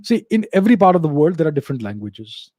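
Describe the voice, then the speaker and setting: A man hosts a solo question-and-answer show, speaking casually but with firm, emphatic certainty. His voice sits somewhat high yet sounds mellow and dark in tone. The recording is dry and close, with no room sound. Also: sing-song, quick pace, dry recording. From India. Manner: assertive, emphatic, repeats points for stress. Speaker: host answering viewer questions.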